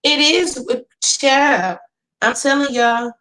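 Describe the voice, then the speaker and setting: A woman in her thirties with a Northern California accent, ranting casually to her viewers in a loud, profane, animated way. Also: a little high, a little slow. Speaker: vlogger.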